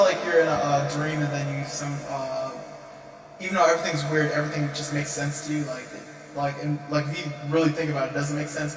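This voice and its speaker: Young male streamer, animated and rambling, laughs a lot; heavy room echo, guitar music underneath. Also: on the high side. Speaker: livestreamer. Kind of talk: casual storytelling on a livestream. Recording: echoey room, distant mic, guitar music.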